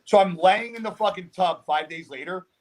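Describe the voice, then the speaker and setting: Profane, animated young man telling a story. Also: sits high, normal speed. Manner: profane, animated storyteller who often laughs mid-sentence. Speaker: guest, professional bodybuilder. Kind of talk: casual podcast storytelling.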